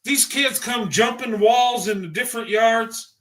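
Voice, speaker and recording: High, bright-voiced ranting man. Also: a little slow. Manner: emphatic and profane, heated. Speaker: livestream commentator. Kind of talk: ranting opinion monologue.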